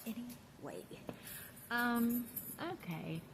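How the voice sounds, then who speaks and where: A woman's voice: on the high side, very noisy. A woman chatting in a casual vlog from her apartment, blunt and profane, laughing often. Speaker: YouTube vlogger. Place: downstairs apartment.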